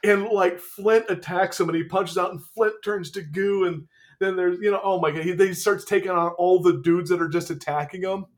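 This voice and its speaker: A man in his forties hosting a casual podcast chat, retelling scenes with lively put-on voices. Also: sits high, brisk. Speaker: podcast host.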